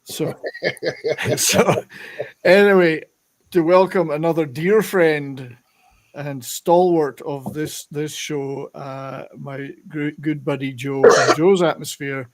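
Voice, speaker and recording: A man's voice: a little high, steady tone, takes it slowly. A Scottish man hosting a casual online chat show, chatty and jokey, laughing often between remarks. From Scotland. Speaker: host. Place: home in Alberta, Canada.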